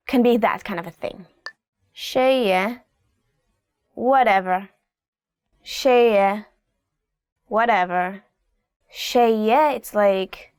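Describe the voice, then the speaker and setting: A woman's voice: fairly high pitch, smooth, dry recording, clean studio sound. A woman, teaching phrases in a chatty video lesson, laughing often and acting out the phrases. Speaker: language teacher.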